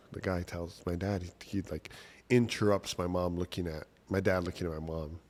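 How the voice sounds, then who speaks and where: A man's voice: deep voice, fairly even intonation, moderate pace. A man casually telling a personal story from childhood, talking conversationally with lots of "like" and "right?".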